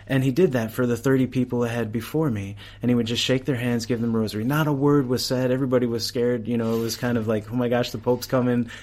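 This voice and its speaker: Animated man telling a story, laughing. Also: medium pitch, fast, hardly any pauses. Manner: animated, laughs often, many restarts. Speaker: priest and campus chaplain, guest. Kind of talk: casual storytelling in an interview.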